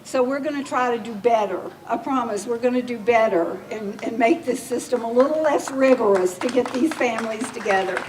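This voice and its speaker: A woman's voice: on the high side, brisk, few pauses. A woman, speaking as an agency official at a public reception. She talks in a heartfelt, emotional way while presenting awards. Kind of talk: public speech at an event. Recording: distant mic with faint background noise.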